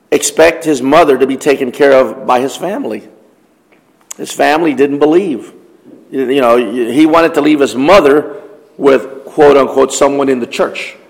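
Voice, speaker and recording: A man preaching a Bible study sermon, reading verses aloud and then explaining them in a conversational way, posing questions to the congregation. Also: mid-range voice. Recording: long hall reverb.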